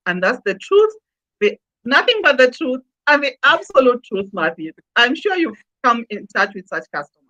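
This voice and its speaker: A woman's voice: on the high side, very animated, normal speed, bright, forceful tone. A woman guest in a conversational interview, speaking emphatically and repeating phrases for effect. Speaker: customer experience consultant, guest.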